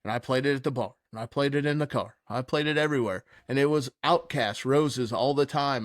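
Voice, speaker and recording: Man, animated storyteller, laughs and swears a lot, dry close sound. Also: medium pitch, normal speed, hardly any pauses, dry recording. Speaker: podcast co-host. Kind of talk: casual storytelling chat.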